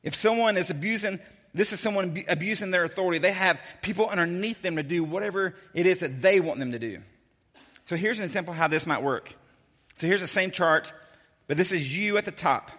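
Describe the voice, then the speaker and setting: Pastor guy preaching casual and jokey, high voice, long hall echo. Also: fairly quick. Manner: animated storyteller, casual and joking. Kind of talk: sermon.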